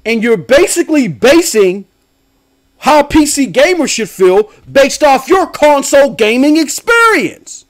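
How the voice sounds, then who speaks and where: A man's voice: extremely high pitch, big pitch swings, unhurried. A middle-aged man hosting a casual gaming livestream, talking animatedly with slang and laughs. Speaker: host.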